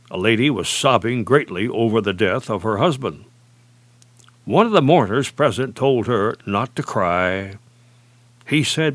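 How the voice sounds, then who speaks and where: A male preacher delivering a sermon with deliberate, emphatic phrasing. He slows down heavily for scripture quotations. His mid-pitched voice is recorded close and dry, with no room echo.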